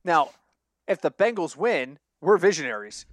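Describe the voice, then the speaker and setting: A young man with a fairly high voice tells betting stories on a podcast, jumping into little acted-out quotes and laughing along the way. The sound is close and dry, with no room around it. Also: moderate pace, no echo. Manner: animated storyteller, acts out quoted voices, laughs often. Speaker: podcast co-host. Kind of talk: casual sports betting chat.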